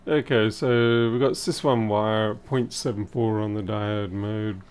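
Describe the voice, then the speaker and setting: Man, low voice, slightly hoarse, muttering to himself, casual livestream talk, faint hum behind. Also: steady tone, measured pace, darkish tone. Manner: muttering, thinking aloud. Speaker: repair technician livestreaming. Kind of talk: casual live-stream commentary while working.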